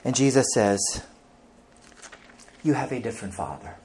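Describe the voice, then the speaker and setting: A man's voice: medium pitch, moderate pace, darkish tone. A male pastor preaching an emphatic sermon, reading scripture aloud and speaking directly to the congregation.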